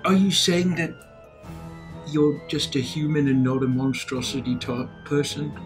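A woman's voice: deep voice, unhurried, over music. A woman player speaking in character at a tabletop role-playing game, earnest and soothing.

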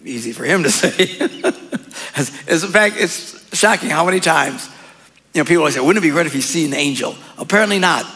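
A man's voice: fairly high pitch, animated, fairly quick, pushed and bright. A man preaching a sermon as pastor, in a casual, joking way with frequent laughs. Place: church hall. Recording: long hall reverb.

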